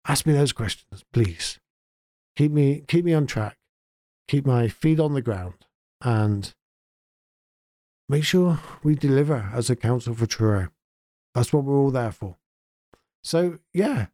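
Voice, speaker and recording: A warm, mid-range male voice from England delivers a casual podcast update, sincere and heartfelt with moments of emotion. The speaker is both the show's host and a town mayor, and the studio-quality audio has no room sound.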